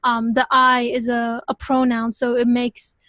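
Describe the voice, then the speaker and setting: A woman's voice: on the high side, completely flat delivery, a little slow, a bit bright, dry recording. A woman in a study group discussion, thinking aloud in a tentative, hedging way. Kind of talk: reflective discussion comment.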